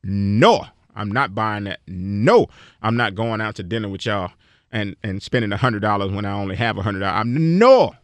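A man's voice: fairly low pitch, level tone, fast, fairly bright tone, no echo. A man hosting a podcast on personal finance, talking casually and earnestly, preaching and often repeating himself. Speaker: podcast host.

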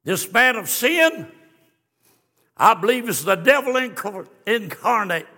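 A man preaching a fiery sermon, swinging from hushed storytelling to shouted exclamations. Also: high voice, expressive, unhurried. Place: church sanctuary. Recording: long church reverb.

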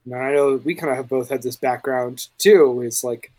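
A man's voice: medium pitch, fairly even intonation, normal speed, darkish tone. A man running a tabletop game in casual podcast chat, rambling and restarting his sentences with enthusiasm. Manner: rambling, self-interrupting, enthusiastic. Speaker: game master.

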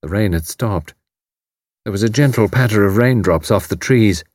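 A man narrating an audiobook in a measured, expressive reading style, close to the mic. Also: lowish voice, dry recording. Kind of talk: scripted narration.

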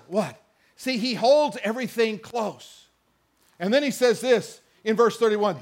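A man's voice: very high voice, measured pace. A man preaching a sermon, reading scripture and mixing in conversational asides and questions to the congregation. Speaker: pastor.

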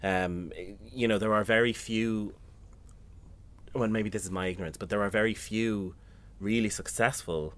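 A man's voice: on the low side, steady tone, normal speed. A man interviewing a guest, asking long, hesitant, rambling questions.

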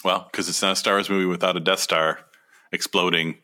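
A man with a deep voice that still comes across bright and forceful. He talks in relaxed, joking podcast banter and clearly enjoys the topic. His manner is casual and upbeat. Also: a little fast. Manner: enthusiastic, joking fan banter. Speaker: podcast co-host. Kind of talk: casual chat.

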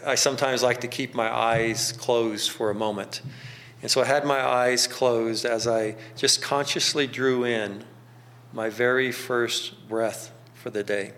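A middle-aged man telling a personal story in a slow, gentle, contemplative way, with pauses. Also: medium pitch.

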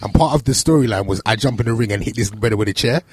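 A man hosting a podcast, talking loudly and emphatically in casual banter. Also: fairly low pitch, slightly rough. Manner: loud, emphatic, quick to argue. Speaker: podcast host and radio presenter.

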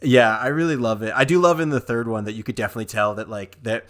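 Young dude cohosting a podcast, bright voice, lots of ums and likes, goofy impressions. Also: male voice, mid-range voice, fast talker. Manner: rambling with fillers, doing goofy character impressions. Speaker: podcast co-host. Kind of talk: casual chat.

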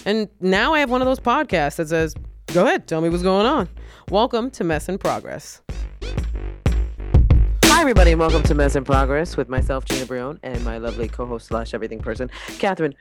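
Low-voiced playful woman podcast host. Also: lively intonation, music in the background. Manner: playful, teasing, quick banter. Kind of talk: casual chat.

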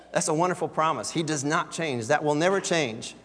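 A man's voice: a little high, brisk, fairly bright tone, in a large hall. A man preaching a sermon as pastor, talking in a conversational way and putting scripture into everyday words.

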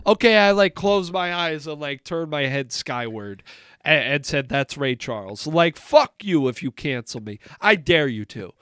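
A man's voice: a little high, lively intonation, measured pace, a bit bright, clean tone, no room sound, clean studio sound. A man co-hosting a podcast with a stuffed-up nose, joking, swearing and laughing often in casual chat. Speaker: podcast co-host. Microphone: studio mic, on camera.

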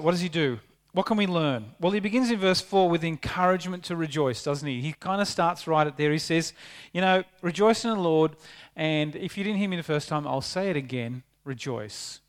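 A man preaching a sermon, talking conversationally and asking the congregation rhetorical questions. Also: fairly high pitch. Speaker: pastor.

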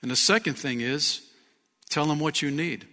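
A man's voice: a little high, moderate pace, bright, forceful tone, long reverb tail. A man preaching a sermon as pastor, earnest, speaking with rhetorical questions to his congregation. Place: church sanctuary.

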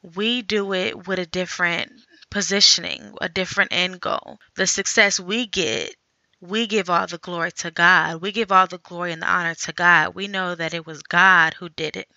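A woman hosting a faith podcast, talking earnestly in a conversational way, thinking out loud. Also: on the low side, fairly even intonation, moderate pace, no room sound, highs cut off. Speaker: podcast host.

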